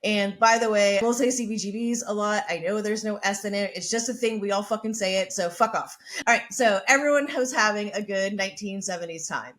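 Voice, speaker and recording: A woman's voice: mid-range voice, a little fast, few pauses, a bit bright. A woman podcast host telling a story in a brash, chatty, profane way. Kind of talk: casual storytelling.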